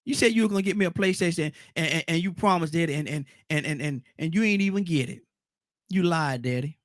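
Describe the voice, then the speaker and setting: A man's voice: a little high, fast, no echo, studio quality, natural voice. A man doing a hurt little boy accusing his dad. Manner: pleading, accusing, repeating himself. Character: upset young boy feeling lied to by his father.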